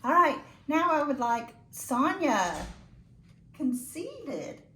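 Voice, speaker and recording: A woman teaching a phonics lesson to children, slow and encouraging with sing-song praise. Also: high voice, very animated, sharp tone, slight background noise. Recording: echoey room, voice from a distance.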